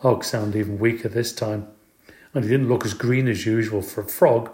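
A man's voice: lowish voice, moderate pace. Man reading a kids book, playful, lots of expression, echoey room. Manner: expressive, playful, does character voices. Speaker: audiobook reader. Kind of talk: storybook narration.

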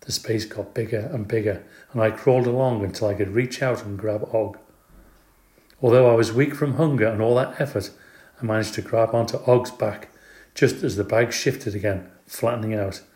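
A man narrating a children's storybook in an expressive, playful way. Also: fairly low pitch, moderate pace. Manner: expressive, playful, does character voices. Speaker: audiobook reader. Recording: echoey room.

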